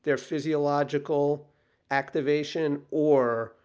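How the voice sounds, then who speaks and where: A man's voice: a little high, fairly even intonation, takes it slowly, a little mellow, clear, resonant tone. A man hosting an interview, summing up his guest's point and asking thoughtful questions. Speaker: host. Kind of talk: conversational podcast interview.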